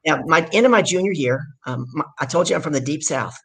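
A middle-aged woman from the States, telling her story as a guest in an energetic, emphatic way. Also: sits low, fast talker, slightly rough. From southern United States. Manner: energetic, emphatic storyteller who acts out quotes. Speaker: guest, business speaker. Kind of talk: storytelling in a conversation.

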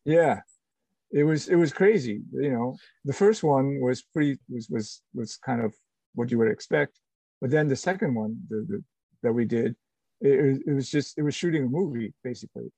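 A middle-aged man with a gravelly, husky voice and a warm, mellow tone chats as a guest in an interview. He talks haltingly, circling back with restarts and fillers. The sound is dry and close. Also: mid-range voice, no echo, low-quality recording. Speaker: actor guest. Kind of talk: casual interview chat.

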